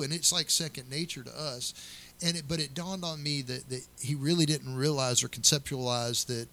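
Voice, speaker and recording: A man's voice: on the high side, fairly even intonation, moderate pace, sharp tone. A middle-aged man, a county sheriff, answering interview questions earnestly and telling stories with many restarts.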